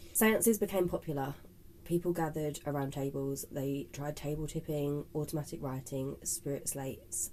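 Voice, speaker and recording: A woman's voice: very deep voice, warm tone, slight background noise, poor audio. A woman co-hosting a paranormal podcast, reading a spooky script between casual chat. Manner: reads a spooky script, laughs often with co-host. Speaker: podcast co-host.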